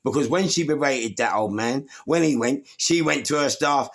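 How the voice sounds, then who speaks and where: A man's voice: medium pitch, brisk, creaky, few pauses, fairly bright tone, husky. A middle-aged man with a London accent, telling a story animatedly and acting out other people's voices, with some swearing. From England.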